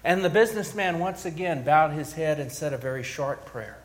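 Storytelling male pastor, slightly high voice. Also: expressive, normal speed. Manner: storytelling with rising emphasis and small restarts. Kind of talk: sermon.

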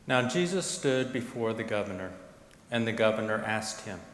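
A man narrating a scripture passage in a measured, solemn liturgical reading. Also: lowish voice, animated, a little hiss or hum. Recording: echoey hall, long reverb.

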